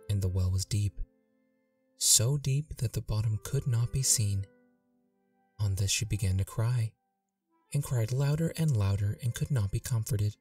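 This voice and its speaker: A man narrating a classic fairy tale in a gentle, lilting storytelling manner. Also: lowish voice, far from the mic.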